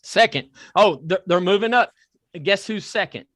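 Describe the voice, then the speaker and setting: A man with a Southern accent hosting a talk podcast, excitable and repeating himself as he pitches a sponsor. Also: moderate pace, no echo, studio quality. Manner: excitable, repeats words and restarts. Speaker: podcast host. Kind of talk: casual chat with a sponsor plug.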